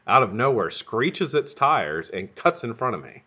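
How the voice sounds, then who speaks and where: A man's voice: mid-range voice, big pitch swings, moderate pace, sharp tone, husky. A man hosting a live stream, telling a rambling, profane story in a casual way. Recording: dull lo-fi stream audio.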